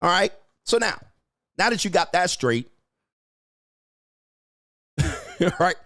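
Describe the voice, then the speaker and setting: A man's voice: high-pitched, expressive, takes it slowly, vocal fry, a bit bright. A male livestream host giving brash, profane, combative commentary and laughing often. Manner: frequent laughter.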